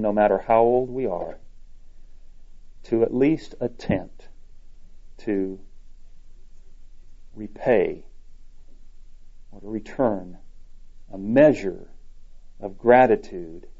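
A man preaching a sermon in an earnest, measured way. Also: on the low side, warm tone. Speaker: pastor. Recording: dull lo-fi recording.

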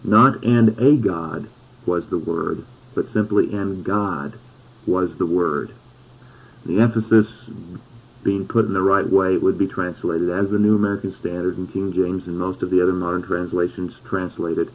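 A man preaching a sermon, reading scripture slowly and pausing on key words for emphasis. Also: low-pitched, fairly even intonation. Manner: slow, deliberate scripture reading with emphatic pauses. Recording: tinny phone-like sound.

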